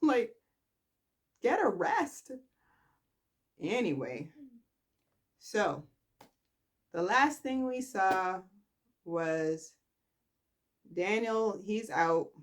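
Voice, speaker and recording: At home, a woman casually recaps a soap opera, chatty and animated, speaking slowly and acting out the characters' lines with big jumps in pitch.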